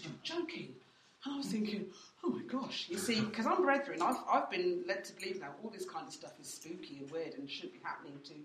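A woman's voice: medium pitch, a bit bright, recorded from a distance, slight background noise. A woman teaching in church, telling her story in a chatty way with many fillers and voicing others in quotes. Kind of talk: teaching testimony. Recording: roomy and off-mic.

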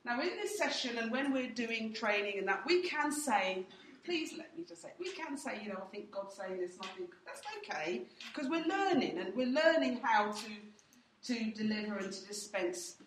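With a slightly high, expressive voice at a moderate pace, a woman leads a church training session, sharing personal stories and acting out what people say in a direct way. The distant recording is echoey with slight background noise.

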